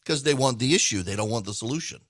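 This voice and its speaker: A male podcast host delivers political commentary in an emphatic monologue that builds toward near shouting. His voice has a bright, forceful edge. The recording is dry and close, with no room around it. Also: medium pitch, lively intonation, fast, no room sound.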